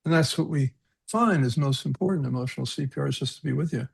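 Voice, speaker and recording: Earnest man with a gravelly, husky voice. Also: medium pitch, quick pace. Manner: earnest, reflective, often repeats words and restarts sentences; chuckles at his own stories. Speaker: presenter on a webinar panel. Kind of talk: personal storytelling talk.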